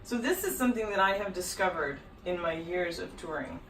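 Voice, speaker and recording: A woman's voice: lowish voice, expressive, fairly quick, fairly bright tone, a little hiss or hum. Female guest, casual and wry, roomy distant sound. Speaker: guest singer-songwriter. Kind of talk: casual chat. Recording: echoey room, voice a bit off-mic.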